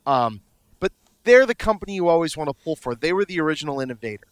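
A man's voice: on the high side, quick pace, no room sound. Young guy cohosting a podcast, hyped, keeps restarting, dry close sound. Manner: excitable, frequent restarts and swearing. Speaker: podcast co-host. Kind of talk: casual chat.

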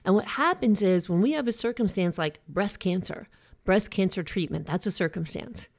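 A woman's voice: mid-range voice, normal speed, a little mellow. A middle-aged woman life coach giving a direct, emphatic motivational talk that mixes in casual swearing. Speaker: breast cancer survivor and life coach. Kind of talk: motivational monologue.

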